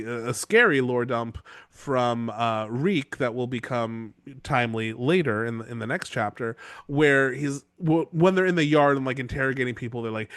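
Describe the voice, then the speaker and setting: A man co-hosting a casual book discussion podcast who recaps chapters in an animated way, swears freely and slips into quick character voices. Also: medium pitch, clean tone, no room sound, clean studio sound. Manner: swears casually, laughs often. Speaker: podcast co-host.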